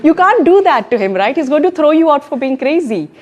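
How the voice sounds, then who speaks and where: A woman with a Pakistani accent giving an emphatic, animated talk on public speaking at a club meeting. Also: sits high, a little fast, muffled recording. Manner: emphatic and animated, mixing in Urdu phrases. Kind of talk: education session talk. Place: meeting room in a co-working space.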